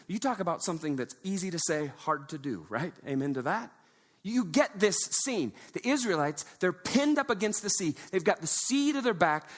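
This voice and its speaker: High-voiced man preaching a sermon. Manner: conversational, animated preaching with audience asides. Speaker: pastor. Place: church sanctuary.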